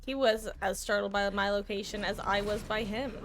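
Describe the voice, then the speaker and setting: A woman streaming a game live, giving chatty, playful commentary with quick asides. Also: mid-range voice, steady tone, over music.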